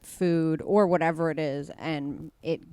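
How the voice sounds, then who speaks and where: A woman's voice: sits low, fairly even intonation, a little slow, warm tone, smooth. A woman guest on a podcast, a comedian who talks in an emphatic pep-talk style and repeats phrases for effect. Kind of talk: casual podcast chat.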